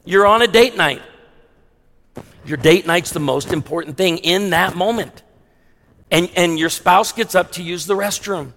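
A man preaching a sermon as pastor, emphatic, slowing down hard on key lines, with wry asides. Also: high voice, fairly bright tone. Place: large church sanctuary with long reverb. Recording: long hall reverb in a sanctuary.

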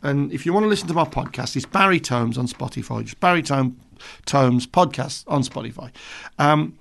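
Older man, radio presenter, rambling chatty anecdote, self-mocking, gravelly voice. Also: mid-range voice, normal speed, fairly bright tone. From Birmingham, England.

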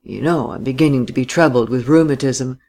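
A reader voicing an old, courtly gentleman who babbles and fumbles with his words in a storybook reading. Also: medium pitch, fairly quick, close to an everyday voice. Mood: genial, babbling. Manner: babbling, hesitant, with little "eh? what?" tags.

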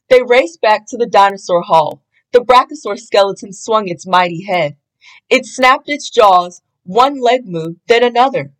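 Slow, expressive woman reading a picture book. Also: mid-range voice, rough recording. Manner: expressive, deliberate. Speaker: storybook reader.

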